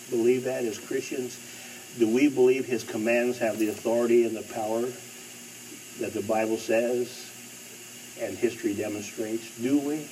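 A man's voice: mid-range voice, warm tone, recorded from a distance, slight background noise, poor audio. A male preacher delivering a sermon, emphatic and repeating phrases for stress.

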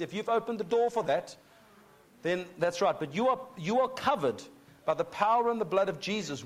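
A man teaching a Bible sermon in a conversational way, checking in with his listeners and reading scripture slowly. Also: high-pitched, animated. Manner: conversational, often checking in with 'okay?'; reads scripture slowly and deliberately. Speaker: pastor.

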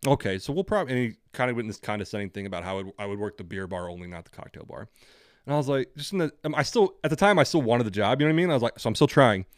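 A man's voice: mid-range voice, expressive, rapid-fire, no room sound, studio quality. A young man telling a story on a podcast, swearing freely and acting out both sides of the conversation. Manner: profane, ranting, acts out both sides of dialogue. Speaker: podcast co-host. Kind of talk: casual storytelling chat.

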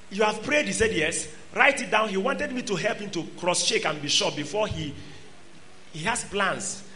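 A man preaching to a congregation. His voice sits high and bright for a man. He is emphatic, rising to loud exhortation and dropping to quiet asides. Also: a little hiss or hum. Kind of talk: sermon.

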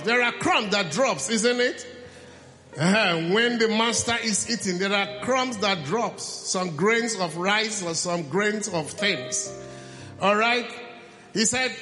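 Man preaching hard, bright tense voice, faint music behind. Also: sits high, slow pace, long pauses. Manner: impassioned, pleading delivery. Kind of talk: sermon. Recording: long hall reverb with faint music.

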